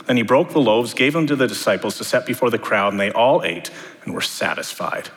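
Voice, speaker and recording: Long hall reverb surrounds this pastor as he speaks to his congregation in a conversational style packed with rhetorical questions. His voice is fairly low, fairly quick, and fairly bright.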